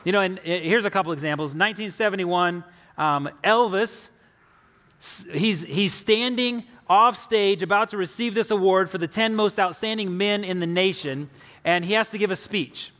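A man with a fairly high voice delivers a sermon. He is earnest and slows down to drop low on the key words. The sound carries a long echo, as in a large space. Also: fairly bright tone. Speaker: pastor.

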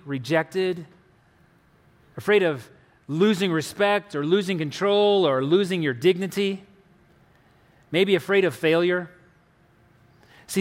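A man preaching a sermon, earnest, slowing down and dropping his voice on key words. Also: a bit bright, big-room sound. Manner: earnest, slows for emphasis and drops low on key words. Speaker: pastor.

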